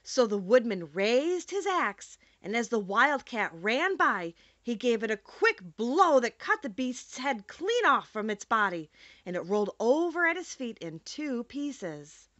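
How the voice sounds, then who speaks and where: A woman reading a classic children's story aloud as an audiobook narrator, expressive and measured. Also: on the high side, no room sound, lo-fi sound.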